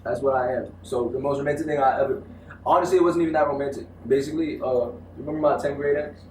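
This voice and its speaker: A young man telling stories in casual interview chat, animated and full of slang. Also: medium pitch, fast talker, a little hiss or hum. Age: young adult. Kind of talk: casual storytelling. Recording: echoey room, mic from far off.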